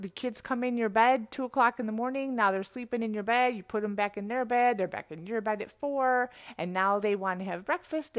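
A middle-aged woman coach giving a lively, conversational motivational talk and laughing often. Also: mid-range voice, no room sound, clean studio sound.

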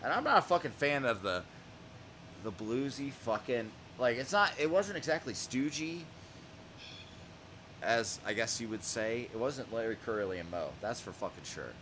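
Brief: male podcast host, lively pitch, bright edge, cursing and animated, faint hiss behind. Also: moderate pace. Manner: profane, excitable, laughs often; shouts out quoted vocals. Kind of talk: casual chat reviewing music.

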